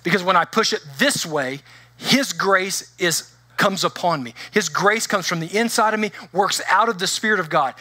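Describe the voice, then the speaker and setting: A middle-aged man preaching a sermon as pastor, telling stories in an animated way and acting out the voices of the people in them. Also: sits high, moderate pace, no echo. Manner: animated storytelling with acted-out voices.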